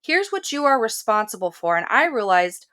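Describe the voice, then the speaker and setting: A woman's voice: on the high side, big pitch swings, normal speed, a bit bright. Brief: female podcast host, enthusiastic and agreeing, talks about her own experience. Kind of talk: podcast interview.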